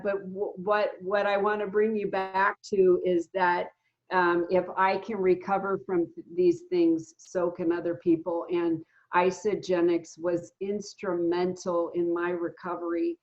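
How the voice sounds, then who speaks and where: A woman in her fifties telling her own recovery story in a casual, earnest way, often pausing with fillers and restarting her sentences. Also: on the low side, little pitch movement, darkish tone. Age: 50s. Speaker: guest sharing a recovery story. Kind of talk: casual spoken testimony. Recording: dull lo-fi sound.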